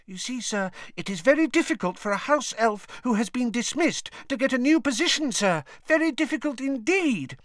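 A shrill squeaky little elf, super eager to please, storybook voice, very dry sound. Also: male voice, moderate pace, hardly any pauses, no room sound. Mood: excited. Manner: squealing, shrill and excited, calls everyone sir. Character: squeaky excitable male house elf, eager servant. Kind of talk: audiobook character voice.

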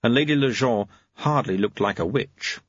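Male narrator, wry storyteller, lowish husky voice, dull lo-fi dry recording. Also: normal speed, dry recording. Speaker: audiobook narrator. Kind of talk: scripted narration.

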